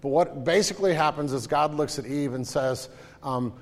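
Man preaching, somewhat high voice, casual and animated, long hall reverb. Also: normal speed. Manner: conversational, animated, acts out voices in his stories. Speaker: pastor. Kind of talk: sermon.

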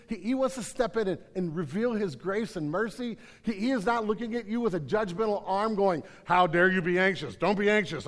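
A man preaching a sermon in a large room, earnest, often repeating words and swinging from emphatic to quiet. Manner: earnest, repeats words, rises to emphatic then drops low. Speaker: pastor. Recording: hall reverb.

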